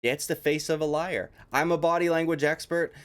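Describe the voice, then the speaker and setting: A man's voice: a little high, fairly even intonation, normal speed, smooth. A man giving heated, profane reaction commentary on a fight interview. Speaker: MMA commentary YouTuber.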